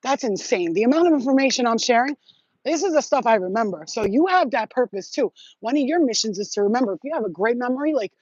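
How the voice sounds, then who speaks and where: Brief: woman vlogger with a slightly high voice, swearing freely and rambling, recorded dry and muffled. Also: fast talker, breathy edge, no echo. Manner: profane, excitable, streetwise slang. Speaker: spiritual vlogger. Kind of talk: rambling casual monologue to viewers.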